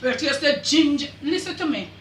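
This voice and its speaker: A woman's voice: high-pitched, expressive, moderate pace, reverberant, background noise. An older woman with a Jamaican accent hosting a home cooking demonstration, chatty and full of patois asides as she directs the camera. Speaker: cooking channel host. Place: home kitchen.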